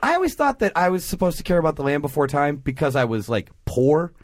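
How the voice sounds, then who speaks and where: A man co-hosting a casual comedy podcast, joking and ranting with animated energy. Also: fairly high pitch, fast, dry recording, clean studio sound. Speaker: co-host.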